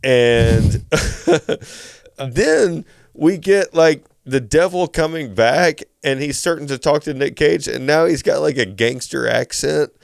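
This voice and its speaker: A man hosting a podcast, recapping a movie in animated, casual chat with swearing. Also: fairly high pitch, slow pace, creaky, dry recording, clean studio sound. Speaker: podcast host.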